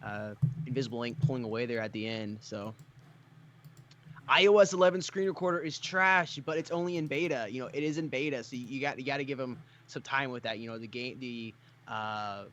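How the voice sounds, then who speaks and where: A man co-commentating a live mobile shooter tournament in a loose, chatty way, full of asides and fillers. His voice sits at a middle pitch and he sounds a little tired. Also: a bit bright, slight background noise. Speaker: co-caster and mobile gaming YouTuber.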